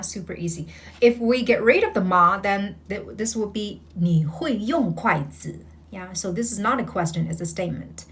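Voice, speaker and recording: Slow, patient woman teaching Mandarin. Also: medium pitch, fairly bright tone. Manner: demonstrates sounds repeatedly, coaxing learners to repeat; breathy whispered demonstrations of sounds. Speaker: Mandarin tutor. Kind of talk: slow, patient language lesson.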